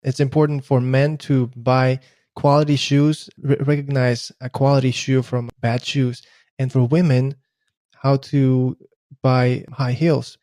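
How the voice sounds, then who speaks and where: Halting Russian-raised man host. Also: mid-range voice, level tone, dark tone, no echo, clean studio sound. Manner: halting, stammering restarts. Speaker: podcast host. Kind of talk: casual interview chat.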